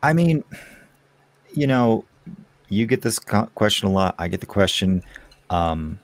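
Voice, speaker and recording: Candid, animated man talking shop. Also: lowish voice, measured pace, long pauses, dry recording. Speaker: guest. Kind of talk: casual podcast chat.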